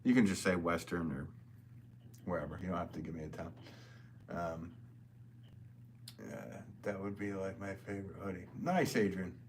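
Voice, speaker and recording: A man's voice: sits low, steady tone, normal speed, long pauses, a little hiss or hum. A man, a potter hosting a livestream, talking loosely in a casual, rambling way and reading viewer comments aloud. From American Northeast.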